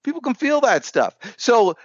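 A man's voice: extremely high pitch, normal speed, dry recording, dull audio. A man who is a sales coach, telling upbeat stories in a podcast interview and acting out the dialogue while he stands. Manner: animated, upbeat storyteller who acts out dialogue.

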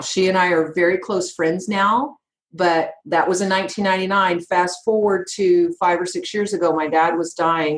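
Agency owner, middle-aged woman, slightly low voice, blunt and emphatic, recorded with a roomy echo. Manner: firm, emphatic, direct. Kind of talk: conversational interview answers.

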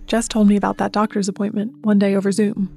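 A woman narrating a scripted sports documentary with an even, measured delivery. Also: medium pitch, gravelly. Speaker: narrator and interviewer.

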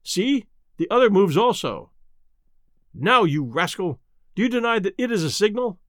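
A stern young gentleman baronet, as a male reader plays him, clipped and demanding in a close, dry recording. The voice stays lively in pitch. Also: moderate pace, no room sound.

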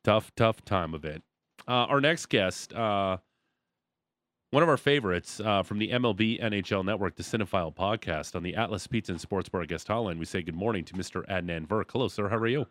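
A man's voice: deep voice, a little fast, a bit bright, dry recording. A man hosting a sports radio show, bantering and teasing his co-host and guests with a jokey, laughing manner. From Canada. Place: radio studio. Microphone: studio microphone.

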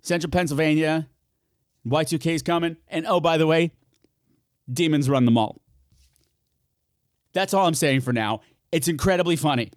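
A man hosting a solo podcast, chatting in an animated, campy way, swearing freely and talking to himself. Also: a little high, normal speed, long pauses, no room sound, studio quality. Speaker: podcast host. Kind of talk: solo podcast chat, horror recommendations.

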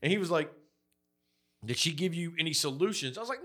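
A man's voice: a little high, lively intonation, quick pace. A man, co-hosting a podcast and telling profane work stories, acting out the people he quotes. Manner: profane storyteller, acts out quotes loudly. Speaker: podcast co-host. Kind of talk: crude casual chat.

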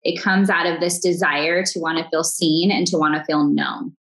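A woman in her thirties, a podcast guest, talking earnestly and warmly upbeat in a conversational interview, often restarting her sentences. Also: low-pitched, steady tone, moderate pace, poor audio.

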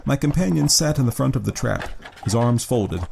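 A man narrating a classic story as an audiobook in a measured, even reading. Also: mid-range voice, creaky, slight background noise.

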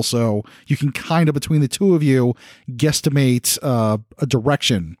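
A man's voice: medium pitch, normal speed, dry recording, studio quality. Easygoing man running a tabletop game. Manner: casual, easygoing narration with fillers. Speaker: game master.

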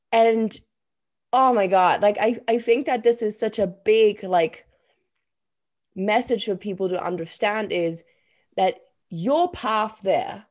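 A woman's voice: mid-range voice, a little mellow. A woman hosting a casual conversation, talking with enthusiasm and emphasis and swearing now and then. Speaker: podcast host.

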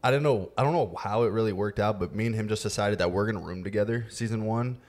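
A man hosting a podcast, telling a story in a relaxed, casual way with many fillers. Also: on the low side, fast talker. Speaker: podcast host. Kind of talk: casual chat.

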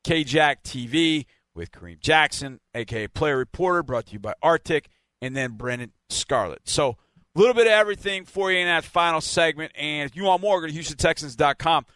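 A man's voice: fairly high pitch, expressive, fairly quick, fairly bright tone, no echo. A man hosting a team podcast, wrapping up in a chatty, rambling way with laughs. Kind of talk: casual radio-style sign-off.

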